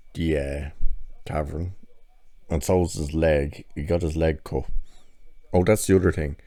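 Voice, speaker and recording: A man's voice: sits low, dark tone, no room sound. A man reviewing a TV episode in a casual, chatty recap, sarcastic and profane as he tells the plot.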